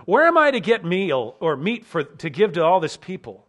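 A man's voice: high voice, sing-song, moderate pace, a bit bright. A preacher acting out an overwhelmed ancient male leader who pleads in exasperated, self-doubting outbursts. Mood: despairing.

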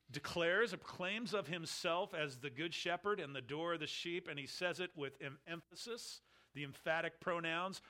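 A man preaching a sermon, reading scripture and then expounding it slowly with emphatic, falling phrase ends. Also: on the high side, sharp tone. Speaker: pastor.

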